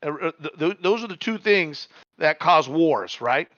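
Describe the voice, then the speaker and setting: A middle-aged man telling a story in casual chat, animated, repeating words and swearing freely. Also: fairly high pitch, unhurried, no echo, lo-fi sound.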